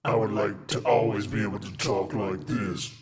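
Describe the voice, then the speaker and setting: A man talking through a deepening voice effect and playing a gruff, mock-threatening scary man. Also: flat delivery, moderate pace, a loud crowd. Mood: taunting. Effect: voice effect making it deep and menacing.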